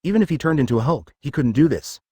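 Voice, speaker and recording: A man's voice: a little high, lively intonation, quick pace, warm tone, husky, no room sound, clean studio sound. A man reading a web novel aloud as narrator, dramatic with stiff translated phrasing.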